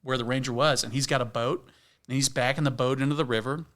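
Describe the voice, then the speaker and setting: A middle-aged man, a podcast guest, telling an outdoor story in a lively, casual way and acting out the scenes. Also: mid-range voice, fast. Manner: animated storyteller, acts out scenes. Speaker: guest, backpacking video creator.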